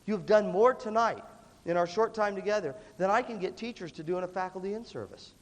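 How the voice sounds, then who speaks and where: A middle-aged man leading a workshop for students, energetic and playful, often acting out other people's voices. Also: sits high, fairly quick. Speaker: music clinician. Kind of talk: animated workshop talk to students. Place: large hall with a live audience. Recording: hall reverb from a big room.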